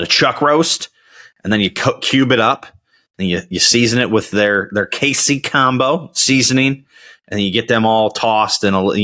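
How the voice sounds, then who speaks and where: A man's voice: fairly low pitch, sharp tone. A young man hosting his own show, chatting casually and telling rambling stories with frequent restarts. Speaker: podcast host. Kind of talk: casual solo chat.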